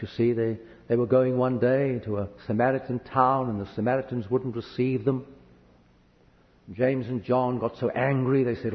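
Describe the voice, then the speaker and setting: A man from a hot country preaching a sermon, telling a personal story earnestly and vividly. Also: lowish voice. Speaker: visiting preacher. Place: church hall. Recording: echoey hall, dull lo-fi sound.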